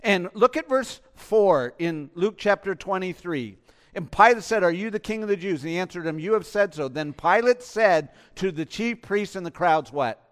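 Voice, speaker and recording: A man's voice: high voice, expressive, moderate pace, long reverb tail. A man, the pastor, preaching a sermon with emphasis and tossing rhetorical questions to the congregation.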